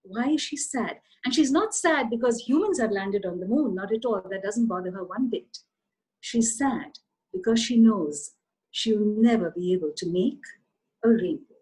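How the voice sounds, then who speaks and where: A woman author telling a children's story in an animated, expressive way, addressing her listeners directly. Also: mid-range voice, normal speed, husky, poor audio.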